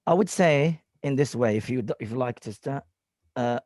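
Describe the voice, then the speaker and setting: A man's voice: mid-range voice, moderate pace, darkish tone, no echo, studio quality. A man teaching an Arabic class over a video call, patiently going through students' sentences word by word. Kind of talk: online class feedback.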